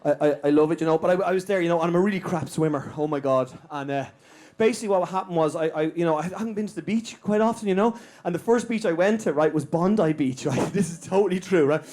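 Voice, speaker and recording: Rambling Irish stand-up comedian. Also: male voice, on the high side, fast talker, hardly any pauses. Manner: animated, rambling, keeps asking "right?". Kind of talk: stand-up set. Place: small comedy venue, indoors.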